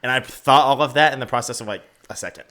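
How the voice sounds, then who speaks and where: A man co-hosting a podcast in casual banter, joking with a deadpan sense of wordplay. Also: medium pitch, fast. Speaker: podcast co-host.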